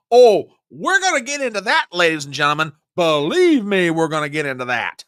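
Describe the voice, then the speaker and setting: A man's voice: on the high side, huge pitch swings, normal speed, hardly any pauses, fairly bright tone, smooth, no room sound, studio quality. A man hosting a political commentary show, ranting with exasperated sarcasm. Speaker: host.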